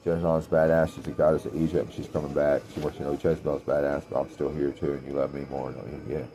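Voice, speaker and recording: A man talking in a meandering spiritual monologue, trailing off with many pauses, as a self-described clairvoyant. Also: rumbling low, little pitch movement.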